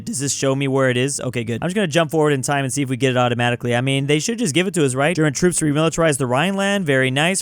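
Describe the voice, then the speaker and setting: A young man giving excitable, slangy commentary on a strategy game he is playing. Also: a little high, clean tone, dry recording. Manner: excitable, slangy, reads AI replies aloud in mock voices. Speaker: gaming YouTuber.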